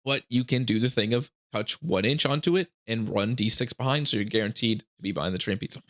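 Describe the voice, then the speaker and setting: A man's voice: fairly low pitch, fairly quick, fairly bright tone. A man hosting a gaming channel, casually talking through game rules with hiccups, rambling with laughing asides and frequent restarts. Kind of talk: casual rules breakdown commentary.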